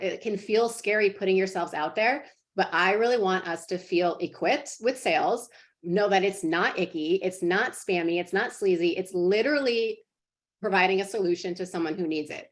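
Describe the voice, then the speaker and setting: A woman in her thirties leading a team call, talking casually and earnestly with lots of fillers as she encourages her sales partners. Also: mid-range voice.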